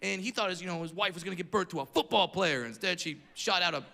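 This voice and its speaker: A man from California doing stand-up comedy, brash and punchy, building to shouted rants. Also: high-pitched, fast, gravelly, slight background noise.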